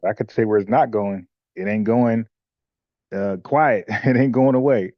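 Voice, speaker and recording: A man co-hosting a talk show, giving blunt, slangy, animated opinions and mocking the people he discusses. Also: lowish voice, measured pace, dry recording. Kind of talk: casual opinionated chat. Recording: dull lo-fi dry sound.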